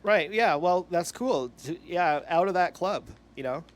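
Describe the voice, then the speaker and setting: A man's voice: high-pitched, expressive, unhurried. A man in a rambling, self-correcting monologue, crude and meandering. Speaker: online commentator.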